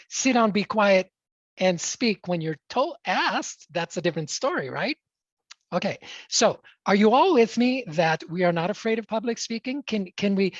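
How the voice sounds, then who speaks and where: A woman's voice: lowish voice, dry recording. A woman giving a motivational talk on public speaking as a coach, emphatic and full of rhetorical questions. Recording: dry, dull lo-fi sound.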